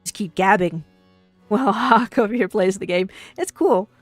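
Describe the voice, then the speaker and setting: A woman's voice: mid-range voice, moderate pace, breathy edge, no room sound, soft background music. A woman reading out game narration and chatting playfully on a stream, referring to herself in the third person. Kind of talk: casual streaming chat and reading game text.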